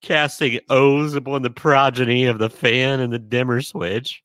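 A man's voice: medium pitch, little pitch movement, unhurried, a bit bright, no echo, studio quality. A man co-hosting a casual talk show, laughing heartily and rambling in wordy asides. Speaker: co-host. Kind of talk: casual chat.

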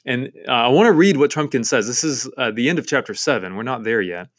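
A man's voice: medium pitch, expressive, quick pace. A man giving a devotional Bible-study talk on a novel, earnest and enthusiastic, with frequent fillers and restarts.

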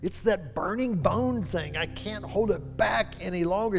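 Male pastor, high-pitched, fervent preacher drawing out key words, long church-hall reverb. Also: soft background music. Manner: fervent, preacherly, drawn-out emphatic phrases. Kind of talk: sermon.

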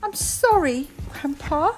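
A woman's voice: sits high, expressive, slow, voice pushed up. A woman voicing a cheerful little girl pig in a storybook read aloud. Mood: sheepish.

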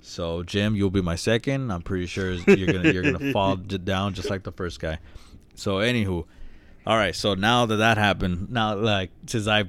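A young man co-hosting a podcast, telling stories in a rambling, profane, animated way. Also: low-pitched, normal speed. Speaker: podcast co-host. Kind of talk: casual podcast banter.

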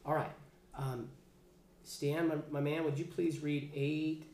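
A man's voice: a little high, little pitch movement, slow, darkish tone. A man leading an informal Bible study class, casual and chatty, often restarting his sentences. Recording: echoey room, faint background noise.

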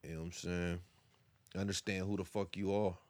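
A young man holds forth on his podcast from a home basement, candid and heavy with profanity. His voice sits fairly low and he sounds close and dry, with no room around him. He preaches in waves, sinking quiet and then rising into loud bursts. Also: little pitch movement, brisk, no room sound. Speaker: podcast host. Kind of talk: candid monologue.

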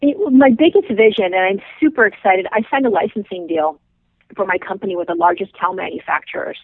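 A woman's voice: medium pitch, quick pace, dry recording. A woman guest tells her story with passion and emphatic repetition. Her voice comes through a tinny phone connection. The sound is dry, with no room around it. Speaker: business owner guest. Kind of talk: podcast interview, emotional storytelling. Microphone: phone call.

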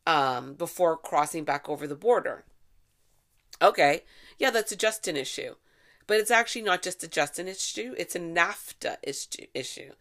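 A middle-aged woman from Canada giving opinionated solo commentary, sarcastic and animated, swearing freely and sometimes bursting into shouts. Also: lowish voice. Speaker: vlogger.

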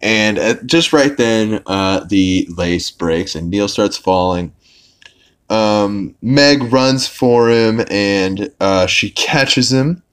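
A man's voice: lowish voice, takes it slowly, smooth. Rambling man recapping a cartoon episode. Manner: rambling, full of "like" fillers, swearing. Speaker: podcast host.

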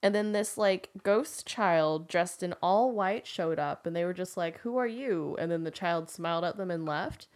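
A woman's voice: fairly low pitch, moderate pace, hardly any pauses, a little mellow. A young woman casually retelling a fairy tale to a friend, rambling with many fillers and often laughing. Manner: giggly, rambling with frequent likes and ums. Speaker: storyteller.

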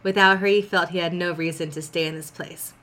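A woman's voice: on the low side, steady tone, brisk, pushed and bright. A woman casually reading a story aloud on a podcast, breaking off for blunt, swearing asides.

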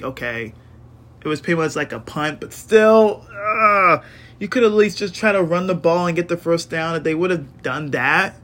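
Guy doing a football game recap, gets worked up and swears, kinda higher voice. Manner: excited, swears, rants about calls. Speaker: sports podcaster.

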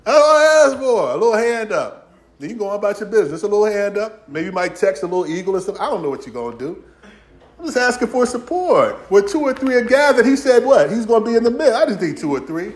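A pastor with a high-pitched, fast voice delivers a playful, humorous sermon, acting out biblical figures in vernacular speech. His preaching is animated, full of acted dialogue and Southern-inflected phrasing like "y'all" and "ain't."

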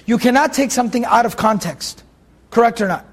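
A man's voice: very high voice, a little fast. A man giving a Quran commentary lesson, explaining Arabic words and repeating key phrases for his students. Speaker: Quran teacher.

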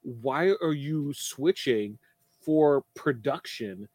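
A man's voice: mid-range voice, slow, darkish tone, breathy edge, no echo. A man co-hosting a casual podcast chat, stressing his points and repeating them. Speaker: podcast co-host.

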